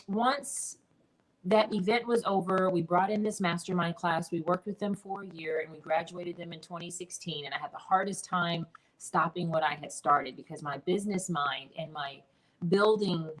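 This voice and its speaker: A woman's voice: fairly low pitch, poor audio. Earnest woman telling her story. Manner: earnest, animated storytelling with quoted dialogue. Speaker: guest, business mentor. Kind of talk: personal storytelling in an interview.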